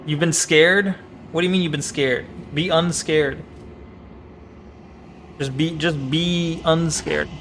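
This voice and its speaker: A man's voice: on the high side, fairly even intonation, slow, pauses often, fairly bright tone, a little hiss or hum. A young man streaming a game, playfully commenting and chatting with his viewers. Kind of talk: live gameplay commentary.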